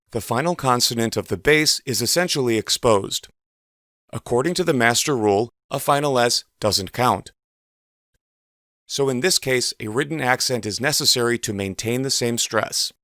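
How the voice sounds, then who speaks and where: A man giving a measured, precise instructional voice-over as a teacher. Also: medium pitch, animated, a bit bright, dry recording, clean studio sound. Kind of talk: scripted instructional narration.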